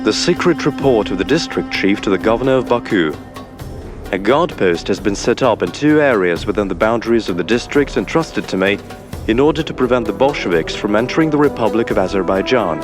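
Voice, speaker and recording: Man, documentary narrator, formal dispatch reading, fairly low voice, soft music behind. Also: lively intonation, brisk.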